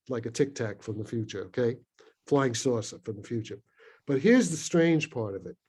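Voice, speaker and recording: A man's voice: medium pitch, mellow. A man in his eighties, originally from Brooklyn, telling a long story as a panel guest, rambling and digressive with many fillers, restarts and chuckles, heard over a video call.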